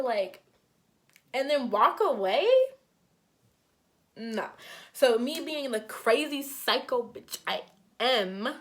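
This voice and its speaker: Animated young woman telling a story. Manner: animated, acts out quotes with big pitch jumps; frequent "like" fillers, conversational. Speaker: vlogger. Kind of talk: storytime vlog.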